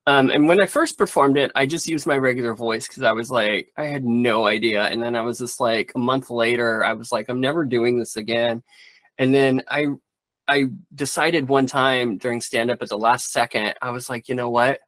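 A man's voice: mid-range voice, moderate pace, fairly bright tone, dry recording. A man who does stand-up comedy talking in a rambling, candid way, swearing freely in a casual interview.

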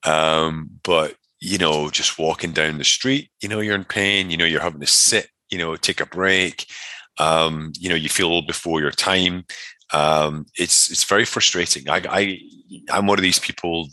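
A man's voice: low voice, steady tone, normal speed, bright, forceful tone, no echo. A man, a personal trainer, telling his story as an interview guest in a rambling way, full of fillers and restarts.

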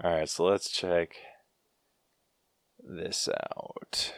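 A man's voice: low-pitched, slow, pauses often, no echo. A man co-hosting a podcast, chatting casually about a movie in a laid-back way and reading trivia aloud. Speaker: podcast co-host.

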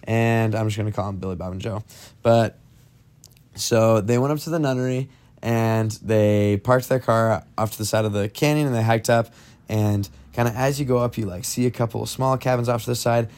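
A man's voice: lowish voice, fairly even intonation, normal speed, darkish tone. A young man telling a spooky story to friends in a casual, rambling way, full of "like" and "um.". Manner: rambling, heavy on "like" and "um" fillers. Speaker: podcast storyteller.

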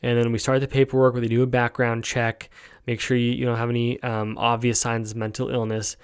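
His medium-pitched voice is smooth and brisk, with little pitch movement. He's an American podcast host wandering through his opinions in a loose monologue, heavy on fillers and tag questions like "right?".

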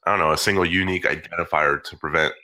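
A man's voice: deep voice, fairly even intonation, rapid-fire, sharp tone. A man co-hosting a podcast, talking in a loose conversational way. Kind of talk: casual chat.

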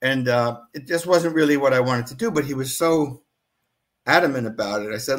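A man reads from his own book and then talks as an interview guest. He speaks earnestly, with frequent restarts and fillers. His voice sits at a middle pitch. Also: a little fast, fairly bright tone. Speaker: author and guest. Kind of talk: book reading and interview talk.

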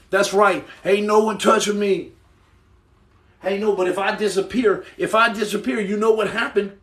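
A man hosting a casual livestream, reading viewer comments, joking loudly in slang and turning soft and earnest. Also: on the high side, echoey room, recorded from a distance. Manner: boisterous, jokey, slangy, swings to soft earnest. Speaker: livestream host.

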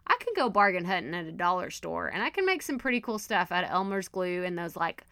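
A woman hosting her own podcast, teaching in a chatty, animated, self-deprecating way, with her voice strained and going hoarse. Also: fairly low pitch, fast talker, dry recording, studio quality. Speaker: podcast host and coach. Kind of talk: casual solo podcast teaching.

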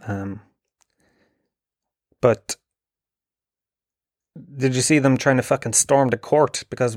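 A man's voice: medium pitch, fairly even intonation, normal speed, pauses often, dry recording, clean studio sound. An Irish man delivering a sweary, sarcastic, rambling comedic rant. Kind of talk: ranting comedic monologue.

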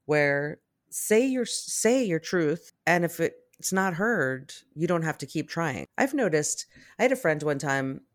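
A woman's voice: deep voice, animated, unhurried, no echo. Female co-host, conversational and reflective, dry close-miked sound. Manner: reflective, reads out listener comments. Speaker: podcast co-host. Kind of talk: casual chat.

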